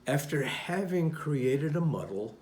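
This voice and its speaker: Man, host, scripted narration, didactic, deliberate, faint background noise. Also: fairly high pitch, expressive, darkish tone. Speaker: channel host.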